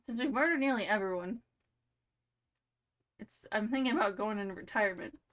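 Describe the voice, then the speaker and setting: A young woman voicing an old man about to retire, with deadpan, mock-earnest delivery. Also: mid-range voice, a little fast, natural voice.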